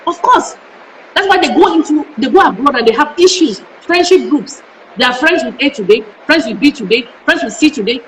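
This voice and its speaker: Speaking passionately in an interview, this middle-aged Nigerian parenting educator has a voice that sits high and moves briskly with animation, peppering her answers with emphatic rhetorical questions. The room is echoey, with slight background noise.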